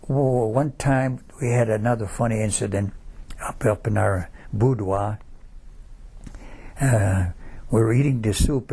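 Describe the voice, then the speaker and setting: A man in his nineties, a war veteran, recalls his memories in a halting, rambling way, full of restarts and "you know.". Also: medium pitch, gravelly, a little mellow, husky. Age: 90s. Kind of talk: oral history recollection.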